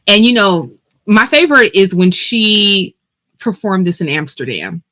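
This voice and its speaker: Lively, bright-voiced woman podcast host. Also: medium pitch, measured pace. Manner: animated, laughing, emphatic. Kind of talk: casual conversational interview.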